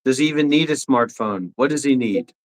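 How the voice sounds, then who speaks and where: A man's voice: medium pitch, animated, a little fast, a little hiss or hum, rough recording. Pushy, lecturing man on a livestream. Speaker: co-host. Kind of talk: casual livestream banter.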